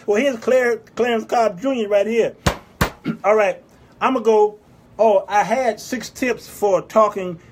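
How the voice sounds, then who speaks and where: A man hosting a casual live-stream advice show, animated and teasing, breaking into sudden loud outbursts and answering viewer comments aloud. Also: high voice, a little hiss or hum. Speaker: talk show host.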